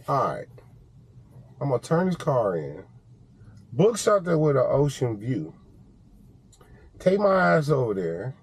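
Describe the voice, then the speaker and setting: This vlogger is a man chatting casually on camera, swearing a lot and laughing often while he tells lively stories. His voice is mid-range and a bit rough.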